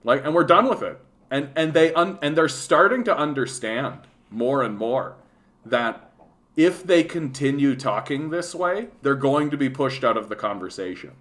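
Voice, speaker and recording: A man's voice: mid-range voice, normal speed. Canadian man in his late 30s hosting a profane political rant, casual and heated, mid-range voice. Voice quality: profane, animated, lots of fillers. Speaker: political livestream host.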